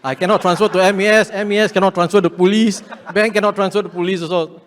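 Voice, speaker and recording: A man's voice: high voice, steady tone, fast, fairly bright tone. A man with a Singaporean English accent, explaining practical steps to an audience on a panel in a plain, conversational way. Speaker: public education official. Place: event hall with audience. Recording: echoey hall.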